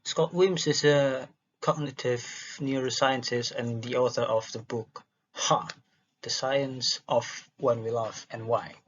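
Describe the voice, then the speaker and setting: A man's voice: mid-range voice, steady tone, slow, breathy edge. A man reading a dialogue transcript aloud for a listening exercise, stumbling and restarting words as he goes. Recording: dull lo-fi recording.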